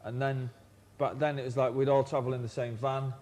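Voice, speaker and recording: A man's voice: medium pitch, flat delivery, a little fast, a little mellow. A man, a guest in an interview, telling wry, rambling anecdotes with stumbling restarts. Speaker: band member guest.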